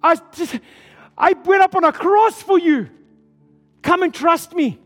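A preacher voicing a tender pleading Jesus. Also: male voice, extremely high pitch, measured pace, voice pushed up. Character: gentle pleading Jesus calling a man to come. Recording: hall reverb with soft music.

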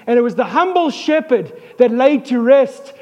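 A pastor preaches an animated sermon, slipping in jokes and calling for amens. His voice sits very high for a man. Long hall reverb carries every line. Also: normal speed. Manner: animated, joking asides, calls for amens.

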